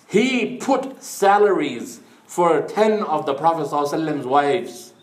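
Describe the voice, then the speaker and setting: Earnest male preacher in an echoey room. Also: high-pitched. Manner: earnest, storytelling, mixes in Arabic phrases. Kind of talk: Islamic sermon.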